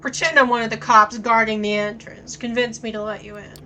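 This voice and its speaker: A woman voicing a gruff, streetwise male vampire with a gravelly, blunt and sardonic way of talking, in a story game. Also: fairly high pitch, steady tone, a little fast, sharp tone, a little hiss or hum, poor audio.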